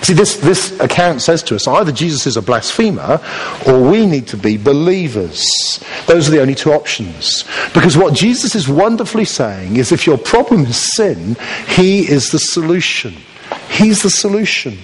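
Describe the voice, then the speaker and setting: Man, preacher, sermon, conversational storytelling, somewhat high, animated, long hall reverb. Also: moderate pace, husky. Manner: conversational storytelling with playful asides.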